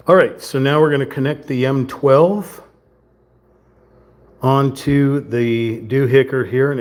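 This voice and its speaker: A man with a medium-pitched, darkish voice hosts a livestream while assembling a wooden model kit. He chats casually and narrates each step to himself, sometimes with a mild southern lilt.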